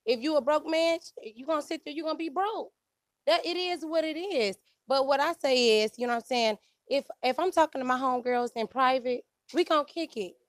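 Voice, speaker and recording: High-voiced woman from Detroit, casual and emphatic. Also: fairly quick, no room sound, studio quality. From Detroit, USA. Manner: casual and emphatic, keeps saying "you know what I'm saying". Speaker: panelist. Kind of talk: casual panel debate.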